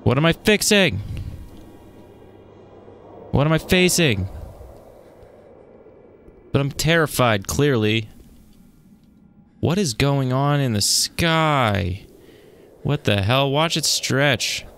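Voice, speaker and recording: A man's voice: medium pitch, animated, takes it slowly, pauses often, fairly bright tone, slight background noise. A man giving jumpy, profane commentary while playing a horror game, talking to himself as he goes. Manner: jumpy, swearing, talks to himself. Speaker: gaming YouTuber.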